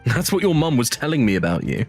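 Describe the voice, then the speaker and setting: A man's voice: mid-range voice, big pitch swings, fast talker, slightly rough. A synthetic man's voice reading an arrogant, cheating rich ex-husband who taunts smugly in a text-message story. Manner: smug, taunting. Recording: faint music underneath.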